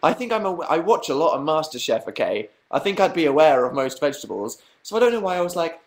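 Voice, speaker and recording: On a livestream, a young adult man with a voice on the high side chats in a rambling, self-mocking manner. He speaks at a normal speed with lively intonation, reading his viewers' comments out loud.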